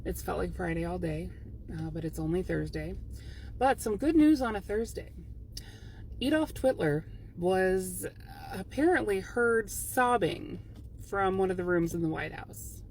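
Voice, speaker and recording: Woman, late 30s, gravelly, vlogging from her car, faint hiss behind. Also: mid-range voice, darkish tone. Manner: sarcastic, gleeful. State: tired. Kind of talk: casual commentary. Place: parked car in a school pickup line.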